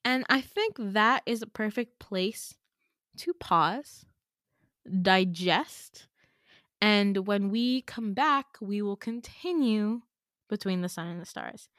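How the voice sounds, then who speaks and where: A woman's voice: medium pitch, animated, slow pace, a bit bright, no echo, studio quality. A young woman hosting a podcast and telling a dream story in casual chat, full of fillers, swearing and self-mocking laughs. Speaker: podcast host. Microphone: home podcast mic.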